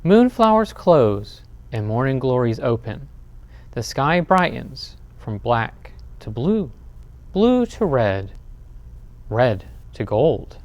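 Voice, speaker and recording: Slow, lively bedtime story reader, man. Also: mid-range voice. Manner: slow, expressive read-aloud with dramatic pauses. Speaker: children's librarian.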